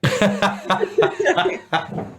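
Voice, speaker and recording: A woman's voice: medium pitch, huge pitch swings, extremely slow, noisy background. A woman in her thirties with a strong Yorkshire accent, chatting as a podcast guest over a video call and laughing often. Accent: Yorkshire English. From Yorkshire, England. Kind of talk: casual video-call chat.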